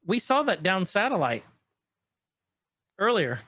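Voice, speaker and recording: A man co-hosting a podcast, chatting casually and excitedly as he recaps scenes from a show he keeps pausing. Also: high-pitched. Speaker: podcast co-host. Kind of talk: casual chat recapping an episode.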